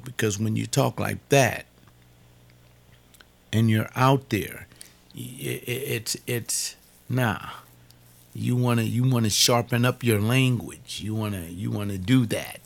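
A man's voice: lowish voice, steady tone, slow, vocal fry. An older man giving an informal sermon-style talk, repeating words for emphasis. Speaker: preacher.

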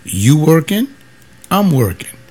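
A man who is a former pastor, telling stories in a blunt, emphatic casual monologue and jumping up in pitch when he quotes other people. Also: very animated, slow pace, darkish tone.

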